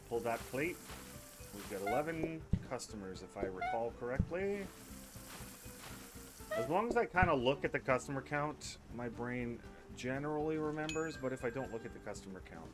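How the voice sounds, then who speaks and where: A man with a mild Canadian accent, casually rambling to himself while commenting on his gameplay. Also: mid-range voice. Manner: relaxed rambling chatter, hums and talks to himself. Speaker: gaming YouTuber.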